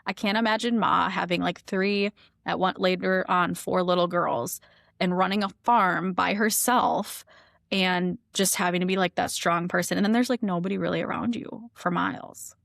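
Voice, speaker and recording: A woman with a lowish, gravelly voice chats as a podcast guest. She talks freely, dropping "like" into almost every thought. The sound is close and dry, with no room around it. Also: fairly even intonation, moderate pace, a bit bright, no echo. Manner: chatty, lots of "like" fillers. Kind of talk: casual podcast chat.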